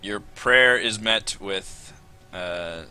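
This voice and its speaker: A man's voice: fairly low pitch, very slow, bright, forceful tone, clear, resonant tone, soft background music. A man narrating as game master in a tabletop game, improvising hesitantly with lots of ums and uhs.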